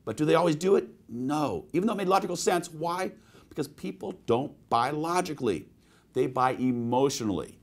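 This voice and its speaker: Male sales trainer for a webinar: animated pitch, storytelling delivery, peppered with rhetorical questions. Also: a little fast. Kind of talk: webinar presentation.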